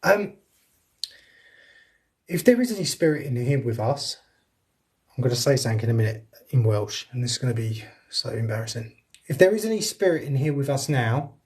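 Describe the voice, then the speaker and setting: A man's voice: medium pitch, a little mellow. A man streaming a live ghost hunt inside a house, talking to viewers and calling out to spirits in a chatty way. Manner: chatty, addresses viewers and spirits directly, laughs often. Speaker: paranormal investigator streaming live. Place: indoors in a house.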